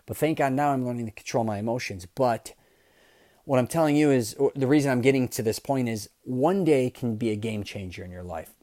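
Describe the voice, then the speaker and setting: A man hosting his own podcast, telling a story in a casual, animated way, swearing and swinging from loud outbursts to low asides. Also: a little fast, no echo, studio quality. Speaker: podcast host.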